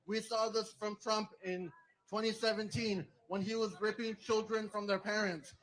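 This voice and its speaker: A man's voice: high-pitched, a bit bright, low-quality recording. A man emceeing an outdoor protest rally, giving a rousing speech and introducing speakers. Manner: rousing, chants with the crowd.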